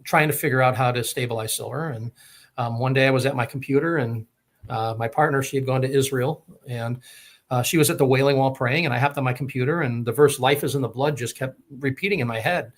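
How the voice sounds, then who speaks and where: As a guest, a man tells a long personal story in a casual, rambling way, full of fillers and restarts. His voice has a medium pitch and moves a little fast.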